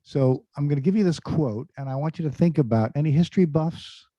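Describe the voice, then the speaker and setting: A man's voice: fairly high pitch, brisk, warm tone, dry recording. A man giving an online presentation in a conversational tone, full of fillers, quizzing his audience over a video call. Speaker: career speaker. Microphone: computer mic on a video call. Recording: dull lo-fi video call audio.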